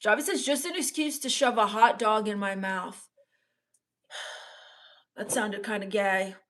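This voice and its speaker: A young woman streaming in character, deadpan and sulky, sarcastically complaining while reading chat comments aloud. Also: medium pitch, slow. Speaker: comedic livestreamer reading chat. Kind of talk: in-character comedy livestream.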